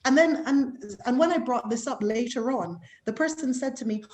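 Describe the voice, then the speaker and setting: A woman's voice: on the high side, normal speed, hardly any pauses, darkish tone. A middle-aged woman from the West Indies with a West Indian accent, speaking candidly as an interview guest and acting out other people's remarks in quoted voices. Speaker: guest physician.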